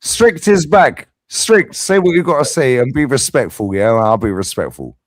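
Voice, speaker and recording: In a dry recording, a man with a mid-range voice speaks at normal speed with plenty of animation. He's hosting a heated fan debate on a livestream, full of banter, swearing and frequent laughter.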